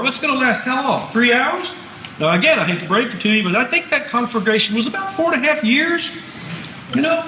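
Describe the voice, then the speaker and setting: Wry, lively man lecturing in a roomy hall. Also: high voice, slight background noise. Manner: chatty, wry asides to the audience. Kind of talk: public lecture to an audience. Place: museum lecture room.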